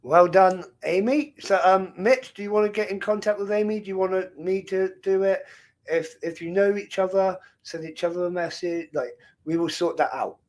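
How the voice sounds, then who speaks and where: A man's voice: high-pitched, normal speed, a little mellow. A man, hosting a casual live stream in a rambling, jokey way and laughing often. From England.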